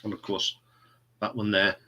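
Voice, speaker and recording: A man with a lowish, fairly flat voice and a sharp tone hosts a live stream from home, reviewing records at a moderate pace. His chat is casual and rambling, and he chuckles often while answering viewer comments as they arrive.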